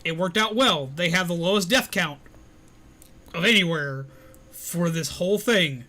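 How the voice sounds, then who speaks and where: A man's voice: sits high, measured pace, pushed and bright. A man in casual live-stream chat, answering viewer comments while recovering from illness. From Alabama, US.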